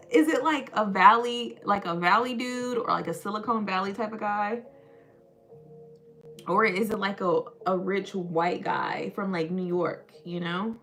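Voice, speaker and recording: A woman's voice: medium pitch, moderate pace, a bit bright. A young woman hosting a casual livestream, chatting and giggling as she answers her viewers.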